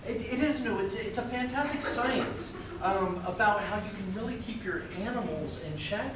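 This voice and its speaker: Chatty improv actress in an echoey hall. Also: female voice, mid-range voice, expressive, normal speed, a crowd in the background. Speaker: improv performer. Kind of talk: live improv comedy scene. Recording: echoey room mic from far off, audience behind.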